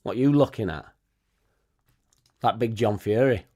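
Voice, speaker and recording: Reading the live chat aloud on his fan channel's casual stream, a man chats away, swearing freely and tossing in tags like "innit." He speaks at a normal speed in a fairly low, slightly mellow voice.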